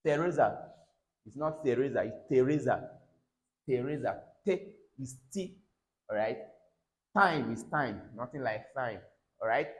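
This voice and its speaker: A man's voice: medium pitch, low-quality recording. A man with a Nigerian English accent teaching a pronunciation lesson, repeating each word and checking in with "all right?".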